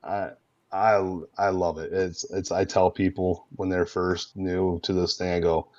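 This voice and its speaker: A low-voiced middle-aged man from the US tells meandering stories about his roleplay nights. He pads his talk with "man" and "dude". His call audio is dull and lo-fi, with a dead, dry sound. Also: little pitch movement, a little slow, a little mellow, no echo. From United States. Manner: rambling anecdotes, peppered with "man" and "dude". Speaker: guest roleplayer. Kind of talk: casual storytelling interview.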